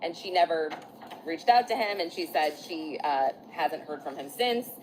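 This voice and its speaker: Woman, low-ish voice, casual outdoor recap, chatty and full of fillers, faint ambience behind. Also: animated, normal speed, darkish tone, a little hiss or hum, poor audio. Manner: chatty, full of fillers and restarts, apologizes for slips. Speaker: vlogger recapping court testimony. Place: outdoors in bright sun.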